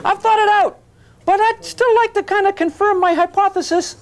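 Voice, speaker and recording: Man doing a nervous student voice, pleading, stammering, pitched way up. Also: steady tone, moderate pace. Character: anxious pleading young student, eager to please.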